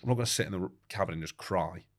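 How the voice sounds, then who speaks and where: Young man, quick and low, animated anecdote teller, close dry mic. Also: no echo. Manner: animated, swearing, laughs while telling. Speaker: guest, record-setting ocean rower. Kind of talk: casual storytelling interview.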